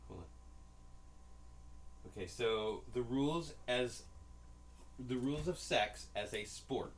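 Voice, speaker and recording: A man's voice: mid-range voice, animated, takes it slowly, a little hiss or hum. A man co-hosting a podcast, telling casual rambling stories full of swearing and acted-out dialogue. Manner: profane, rambling, acts out quoted dialogue. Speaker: podcast co-host. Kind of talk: casual storytelling chat.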